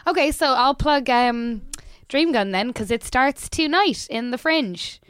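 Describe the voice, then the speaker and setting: A woman's voice: high voice, unhurried, a bit bright, smooth, dry recording, studio quality. A woman guesting on a podcast, brash and teasing in casual banter.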